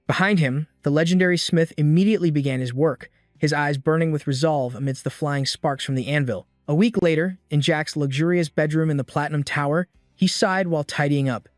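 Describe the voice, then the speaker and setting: A man reading a story recap as scripted narration, in a steady, even storytelling manner. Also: fairly high pitch, brisk, no room sound, clean studio sound, soft background music.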